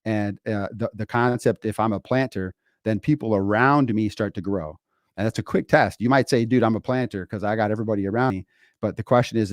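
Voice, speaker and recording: A man's voice: lowish voice, a little mellow, no room sound, studio quality. A middle-aged man hosting a motivational podcast, talking conversationally and preaching with rhetorical questions and fillers. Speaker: podcast host and coach.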